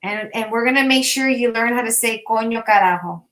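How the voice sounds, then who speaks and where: A woman's voice: fairly high pitch, flat delivery, fairly quick, a bit bright, echoey room, a little hiss or hum, poor audio. A woman hosting a casual live craft chat, playful and teasing, laughing often. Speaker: host.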